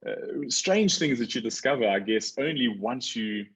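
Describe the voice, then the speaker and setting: A man in his forties telling a story as a guest in a casual conversation, lively when he quotes others. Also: mid-range voice, moderate pace, husky, low-quality recording.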